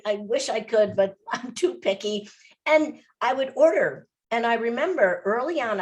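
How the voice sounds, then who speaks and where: A woman guest on a podcast, telling personal stories in an emphatic, animated way, often repeating phrases for stress. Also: fairly high pitch. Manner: emphatic, animated storytelling with repetition. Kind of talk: interview.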